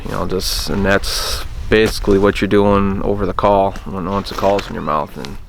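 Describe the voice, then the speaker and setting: Low, flat-voiced man teaching outdoors. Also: moderate pace, creaky, a little hiss or hum. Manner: relaxed, plainspoken, self-deprecating, with fillers. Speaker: hunting call instructor. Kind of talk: casual outdoor how-to. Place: outdoors in bright sun.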